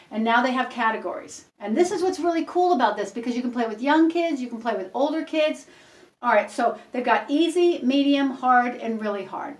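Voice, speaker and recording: A woman life coach giving a casual, energetic how-to talk to camera, encouraging and animated. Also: fairly high pitch, echoey room, recorded from a distance, low-quality recording.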